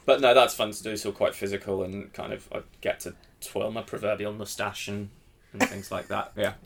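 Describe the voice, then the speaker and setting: A man stage actor talking in an interview, relaxed and hesitant, with plenty of fillers. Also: fairly low pitch, fairly quick, gravelly, noisy background. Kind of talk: casual interview.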